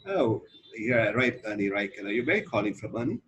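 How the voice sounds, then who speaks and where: A man's voice: lowish voice, expressive, brisk, a bit bright, breathy edge, dull audio. A man from India, a sales trainee practicing a sales call, talking in a hesitant, rambling way full of fillers.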